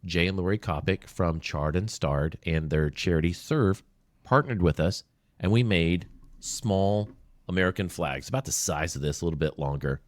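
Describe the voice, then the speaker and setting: In a conversational podcast interview recorded in a small room, a man who advocates for veterans shares emotional, sincere stories, voicing the people he quotes. His low voice moves at a moderate pace, and the studio sound is clean with no echo.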